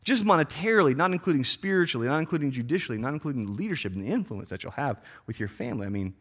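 A man's voice: medium pitch, animated, racing, a bit bright, husky. A man preaching a sermon in a casual, slangy way, acting out the people in the story with playful voices. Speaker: pastor.

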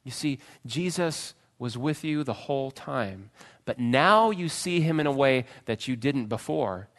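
A man preaching a sermon, retelling a story with dramatic swings from loud pleading cries to hushed, quiet phrases. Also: mid-range voice, lively intonation, measured pace. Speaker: pastor.

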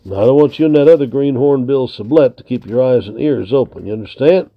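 A man reading the part of an experienced trapper in charge of the night guard, brisk and firm. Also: medium pitch, close to an everyday voice. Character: experienced watchful male trapper, head of the guard. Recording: tinny narrow lo-fi recording.

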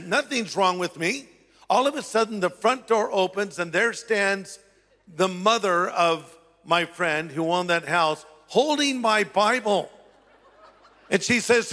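A man's voice: sits high, lively intonation, normal speed, bright, forceful tone, long reverb tail. A male pastor sharing a personal testimony as a sermon, acting out the voices of people in his story.

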